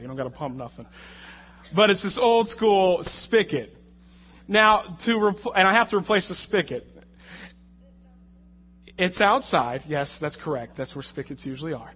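A man preaching in a loose, conversational way, his slightly high voice jumping around as he tells a funny story from work. He turns loud and heated when he relives the frustrating parts. The sound is dull and lo-fi. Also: a little hiss or hum. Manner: animated, jokey storytelling with rising, shouted anger in the retold moments. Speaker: lay preacher. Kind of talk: conversational sermon with a personal story.

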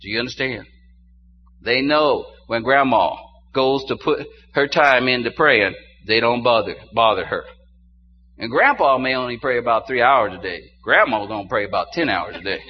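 Older male pastor, sermon delivery, quiet asides building to fervent exclamations; lo-fi church recording. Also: medium pitch, expressive, moderate pace. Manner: preaching to a congregation, swings from quiet to rising exclamations. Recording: dull muffled sound with faint hum.

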